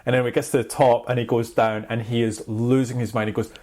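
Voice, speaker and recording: Speaking quickly in a mid-range voice, this male music podcast host keeps things casual. He's an animated storyteller who performs the quotes rather than just reading them.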